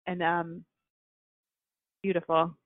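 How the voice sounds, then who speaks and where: A woman's voice: fairly low pitch, monotone, slow, no room sound. A woman hosting a casual interview, encouraging her guest and often affirming with short replies. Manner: warmly encouraging, frequent affirmations. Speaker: podcast host. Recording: tinny phone line.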